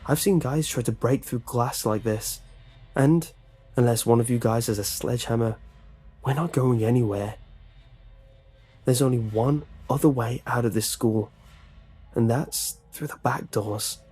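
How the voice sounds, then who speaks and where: A man's voice: medium pitch, a little slow, long pauses, dark tone, slightly rough, faint music behind. A man voicing a panicked teenage boy who takes charge and gives orders. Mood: urgent. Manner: urgent, commanding. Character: panicked teenage boy Jeremy, bossy leader.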